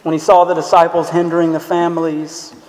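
A man's voice: on the high side, level tone, brisk, a little mellow. A man preaching a sermon as a pastor, earnest and emphatic, asking the listeners questions. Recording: echoey hall sound.

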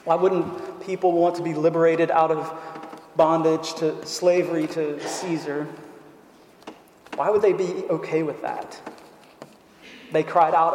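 A man's voice: a little high, fairly even intonation, unhurried, long pauses. A man preaching a sermon in a church, who stresses his points by repeating phrases and asking rhetorical questions. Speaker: pastor. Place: church sanctuary. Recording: echoey hall with long reverb.

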